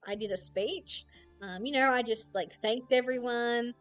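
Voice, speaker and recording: A woman's voice: on the high side, a little slow, clear, resonant tone, soft background music. A young woman, a streamer chatting casually and telling rambling stories, acting out quotes from family and people she has met. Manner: rambling, animated storytelling with mock quotes. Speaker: VTuber streamer. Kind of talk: casual chat.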